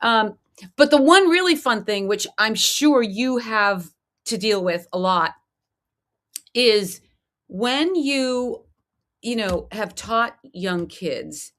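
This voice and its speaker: A woman's voice: mid-range voice, expressive, slow, fairly bright tone. A woman guest in a casual interview chat, chatty and laughing often.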